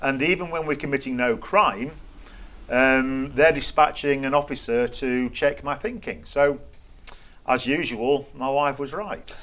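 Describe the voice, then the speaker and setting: A man's voice: medium pitch, measured pace, fairly bright tone. Wry man retelling a run-in. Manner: acts out quoted exchanges in an incredulous, wry tone. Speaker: guest. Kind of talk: anecdotal storytelling in conversation.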